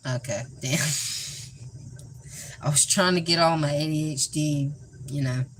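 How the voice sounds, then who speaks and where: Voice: medium pitch, fairly even intonation, a little slow. A host who chats in a goofy, rambling way during a casual cooking livestream in a home kitchen. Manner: goofy and rambling, with sound effects. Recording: noisy with clicks.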